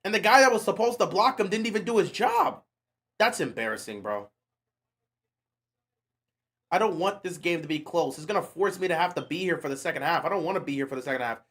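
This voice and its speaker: Animated and brisk, a man with a high, fairly bright voice hosts a live stream calling a football game play by play, pausing often. He rants at the action in exasperated bursts full of slang.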